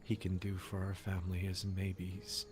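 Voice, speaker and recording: A man voicing a worried, loving young farmer's wife who pleads in hushed whispers. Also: low-pitched, monotone, moderate pace, natural voice.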